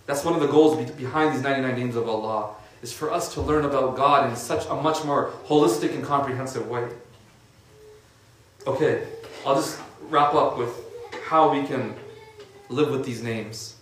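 In an echoey room captured by a distant microphone, a man with a mid-range voice preaches informally at a normal speed, using plenty of casual fillers. A little hiss or hum sits under the audio.

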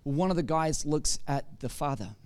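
High-voiced, clear-toned male preacher. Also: animated, moderate pace. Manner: conversational, asks rhetorical questions, grows forceful. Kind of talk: sermon.

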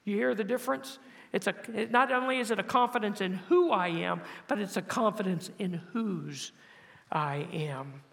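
High-pitched man preaching, gets loud then goes soft and low, big echoey church sound. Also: moderate pace, gravelly. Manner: emphatic preaching, swelling louder on key phrases; drops to soft low tones to close a point. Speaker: pastor. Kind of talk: sermon. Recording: long hall reverb.

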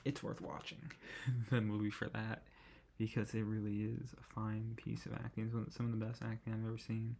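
Podcast host, male, mellow gravelly voice, eager and meandering, casual review delivery. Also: on the low side, completely flat delivery, moderate pace, slight background noise. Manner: enthusiastic, rambling, self-correcting. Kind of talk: casual film review chat.

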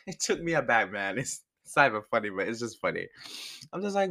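A young man casually telling a personal story, animated and rambling, swearing freely and laughing as he goes. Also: mid-range voice, quick pace, vocal fry. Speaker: storyteller vlogger.

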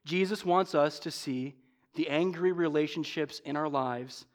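Man, pastor, sermon, high-pitched, emphatic, dynamic swings in loudness, slow deliberate refrains. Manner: emphatic, swings from loud stresses to low asides; slows down sharply on repeated refrains.

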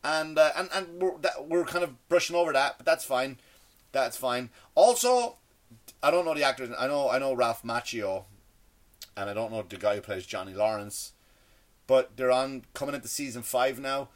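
A man speaks at a moderate pace in an expressive, mid-range voice with a non-American English accent. He sits indoors, rambling through a comedic rant full of stammers and restarts, sounding sarcastic and mocking.

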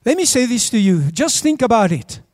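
A man's voice: extremely high pitch, very animated, moderate pace, darkish tone, dry recording, studio quality. A man preaching a sermon as a pastor in a church, urging the congregation to answer back. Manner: urges the congregation to respond.

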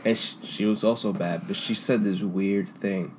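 A young man telling stories from school in a casual, slangy chat, laughing often and trailing off into quieter mumbles. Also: lowish voice, steady tone, normal speed. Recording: faint background noise.

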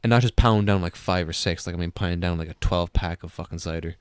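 A man's voice: sits low, quick pace, slight background noise. A man co-hosting a podcast in casual chat, crude and joking, swearing a lot. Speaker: podcast co-host.

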